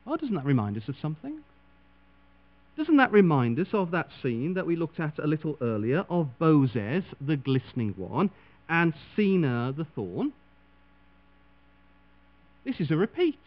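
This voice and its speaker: Man preacher, animated and dramatic, fairly high voice, lo-fi recording with mains hum. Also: a little slow, pauses often. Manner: dramatic, voices quoted figures with big swings in pitch and loudness. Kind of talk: sermon.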